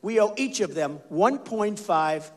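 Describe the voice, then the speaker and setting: A man's voice: high-pitched, expressive, unhurried. A man in his sixties from the United States, giving a rambling, emphatic campaign rally speech on a stage mic. He repeats phrases and talks straight to the crowd. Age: 60s. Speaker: political candidate. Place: large rally venue.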